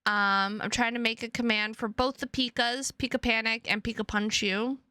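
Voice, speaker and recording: A woman's voice: a little high, fairly even intonation, normal speed, sharp tone, clean tone, no echo, clean studio sound. A young adult woman streamer chatting casually with her viewers, rambling and playful, often repeating her words.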